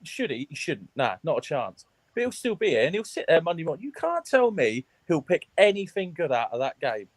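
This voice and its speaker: Furious sweary fan, high animated voice. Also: male voice, brisk, no echo. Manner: furious, sweary, blunt, sarcastic. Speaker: guest fan. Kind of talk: heated football fan rant.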